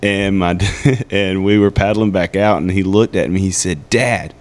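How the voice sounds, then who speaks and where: A middle-aged man guests on a casual talk, his voice low-pitched and smooth. He tells easygoing stories, laughing along the way. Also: little pitch movement, moderate pace, a little mellow. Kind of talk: casual chat.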